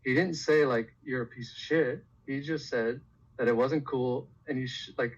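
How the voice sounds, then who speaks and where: A man recounting events on a livestream, stumbling through fillers and getting agitated. The sound is dull and lo-fi, like a recorded stream clip. His voice sits at an average pitch. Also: normal speed, husky. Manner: hesitant, many fillers, builds up agitated. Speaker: livestream guest telling his side. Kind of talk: casual storytelling on a stream.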